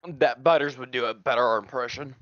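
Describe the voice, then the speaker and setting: A man's voice: mid-range voice, brisk, a bit bright, no echo, muffled recording. A man chatting casually over a voice-chat mic, laid-back and rambling. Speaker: stream co-host on voice chat.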